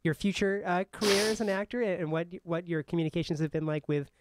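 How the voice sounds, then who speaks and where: A man's voice: high voice, fast talker, noisy background. A man hosting a radio interview, asking friendly, probing questions. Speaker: radio host. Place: radio studio.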